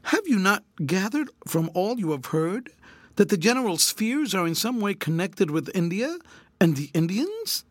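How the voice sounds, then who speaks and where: A man reading aloud voices a gentle, nervous young woman with a soft, low, sweet voice, speaking in a hushed, fearful way. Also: big pitch swings, moderate pace, no room sound, studio quality.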